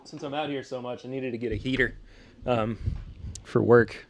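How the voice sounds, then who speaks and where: A man from the Southern United States, with a Southern American accent, hosts a podcast and chats casually, joking as he reacts to a live chat. His mid-range voice has fairly even intonation at normal speed, he sounds a little stressed, and there's slight hiss or hum.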